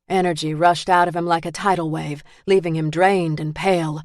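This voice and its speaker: Woman reading a suspense audiobook, fairly low. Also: no room sound, clean studio sound. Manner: measured, even storytelling. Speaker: audiobook narrator. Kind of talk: audiobook narration.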